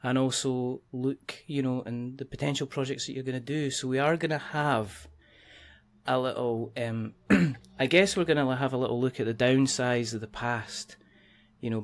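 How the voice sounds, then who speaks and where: Jokey man hosting a podcast. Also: mid-range voice. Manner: jokey, laughs often, rambling restarts. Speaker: podcast host. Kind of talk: casual chat.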